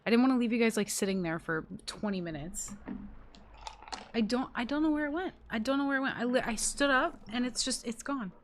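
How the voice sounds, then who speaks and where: A woman's voice: a little high, a little fast, slight background noise. A woman live streaming from her desk at home, chatting casually to viewers in an exasperated, rambling way and swearing a lot.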